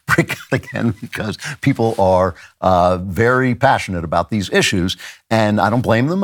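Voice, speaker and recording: A man hosting a show, answering listener questions in an unhurried, halting way with many fillers. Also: low-pitched. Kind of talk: casual commentary.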